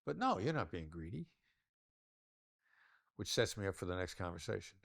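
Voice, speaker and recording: A man's voice: low voice, lively intonation, moderate pace, vocal fry, no room sound, studio quality. An older man, a negotiation expert giving an interview, who talks in a demonstrative way and shifts his tone to illustrate his points. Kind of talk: interview conversation.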